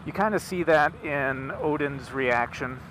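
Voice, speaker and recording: A man's voice: fairly high pitch, a little slow, fairly bright tone, low-quality recording. Chatty man retelling myths while driving. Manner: rambling, chatty, with asides. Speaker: storyteller. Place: in a car. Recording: car engine noise behind.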